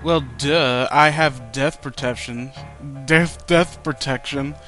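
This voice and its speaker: A man's voice: a little high, very animated, unhurried, bright, forceful tone, faint music behind, exaggerated voice. A man voicing Blue, a smug teen sorceress. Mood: exclaiming. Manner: exaggerated, exclaiming.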